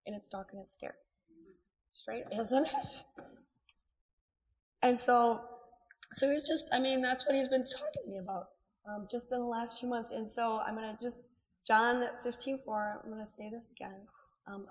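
A woman's voice: a little high, normal speed, pauses often. Chatty woman preaching in an echoey hall. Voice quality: voice strained. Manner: chatty and animated, frequent asides and laughter. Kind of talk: sermon.

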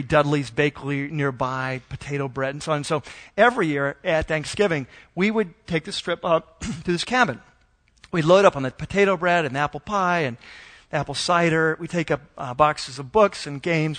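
A middle-aged male pastor whose voice sits a little higher than most men's. He preaches casually and chattily, often pausing on "uh" and "um" and restarting his sentences as he tells a story. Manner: conversational and relaxed, with frequent fillers and restarts. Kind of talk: sermon with personal storytelling.

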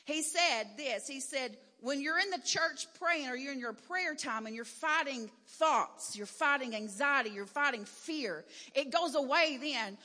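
A woman gives her testimony from the pulpit in a candid, emphatic way, building to loud proclamations. Her voice sits high, and the long reverb of a large church hall trails after her. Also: measured pace, hardly any pauses. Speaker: preacher giving a testimony. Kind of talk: sermon testimony.

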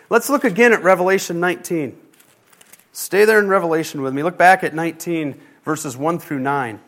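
A man's voice: a little high, normal speed, a bit bright. Man preaching a sermon with rising intensity. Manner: preaching with rising intensity, addressing the church directly. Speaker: pastor.

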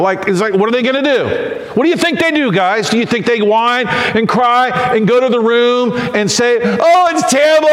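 A man's voice: high voice, fairly bright tone, long reverb tail. A man preaching a conversational sermon who acts out quotes and asks the congregation questions. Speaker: pastor.

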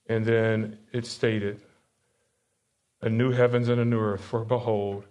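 A man's voice: on the low side, level tone, measured pace, darkish tone. A man preaching a sermon as pastor, reading verses aloud and putting questions to his congregation. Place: church sanctuary.

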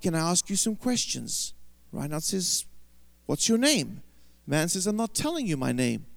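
A British man preaching, telling a long story in an animated way and putting on the voices of its people. His voice sits high. The recording is dry and close. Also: dry recording. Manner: animated, acts out quoted voices. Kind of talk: sermon storytelling.

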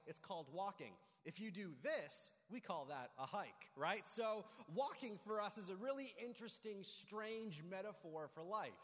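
A man's voice: high voice, a bit bright. A young adult man preaching a casual sermon, telling personal stories with lots of "like" and "right?". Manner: casual, storytelling, frequent "like" and "right?". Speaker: pastor. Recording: long hall reverb.

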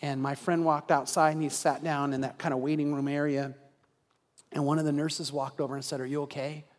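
A man's voice: fairly high pitch, level tone, fairly quick. A man preaching a sermon as pastor, telling a story and building to an earnest call to prayer. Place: church sanctuary. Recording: reverberant church hall.

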